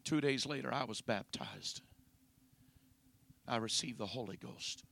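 A man preaching a Pentecostal sermon, punctuating his lines with "uh, amen" and building to shouts. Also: mid-range voice, a little slow, creaky. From raised in a Pentecostal home.

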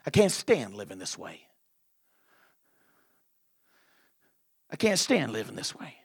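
A man's voice: wildly swooping pitch, brisk, vocal fry, breathy edge, no room sound, clean studio sound, exaggerated voice. A man doing a sullen young churchgoer. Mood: resentful. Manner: mumbling, low and hesitant.

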